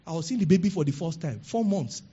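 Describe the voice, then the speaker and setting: A male preacher delivers a lively sermon and acts out the people in his stories. His voice sits high and swings widely in pitch, with a husky edge. The recording is dull and lo-fi. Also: fast. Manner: animated preaching, acting out quoted people. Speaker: pastor.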